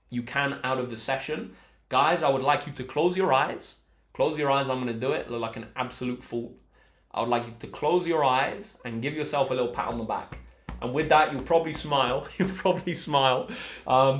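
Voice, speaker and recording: A young man speaks in a relaxed live-stream chat, upbeat and encouraging as he greets viewers. His pitch sits in an ordinary middle range. The room around him gives his voice a noticeable echo. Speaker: maths tutor hosting a live stream. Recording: roomy echo.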